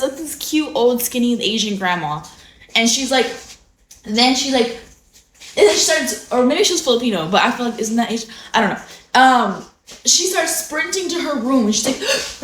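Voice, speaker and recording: A woman's voice: on the high side, a bit bright, slight background noise. A young woman from California who just woke up, chatting casually on a phone livestream, rambling with lots of fillers and swearing freely. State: just woken up. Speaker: livestream host. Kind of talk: casual morning livestream chat.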